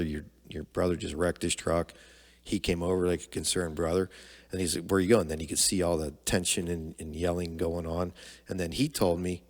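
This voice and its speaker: A man's voice: low-pitched, big-room sound. A middle-aged man telling a personal story to his son on a podcast, candid and conversational, acting out the quoted dialogue. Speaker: podcast guest, father of the host.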